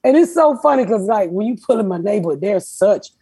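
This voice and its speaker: A middle-aged woman, hosting a podcast and telling profane, animated stories in casual chat. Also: medium pitch, brisk, husky, no echo. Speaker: podcast host.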